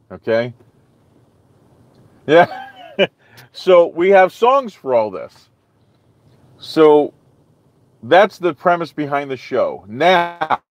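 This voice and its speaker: A man's voice: medium pitch, dry recording, muffled recording. A man hosting a live stream, chatting casually with viewers in a rambling way full of "okay?" and "you know".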